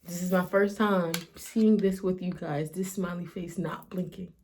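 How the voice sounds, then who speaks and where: A woman's voice: on the low side, fairly even intonation, a little slow, background noise. A woman speaking emotionally to her vlog audience, near tears as she confides. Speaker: vlogger. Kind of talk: personal vlog confession.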